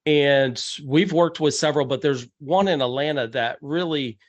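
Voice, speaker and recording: A man with a higher-than-average voice speaks at normal speed through dull-sounding audio. He walks through real estate deals step by step in a conversational seminar, slipping into the voices of buyers and investors.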